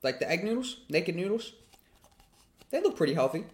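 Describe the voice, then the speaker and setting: A man's voice: sits high, sing-song, moderate pace, a little hiss or hum. A man hosting a casual livestream Q&A. He reads chat questions aloud and answers them in a chatty way, swearing freely.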